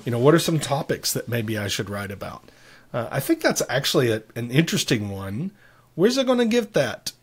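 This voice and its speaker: Guy co-hosting a tech chat, rambling explainer with jokes, mid-pitched voice. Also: very animated, fairly quick, breathy edge. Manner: explains at length, joking asides. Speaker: podcast co-host.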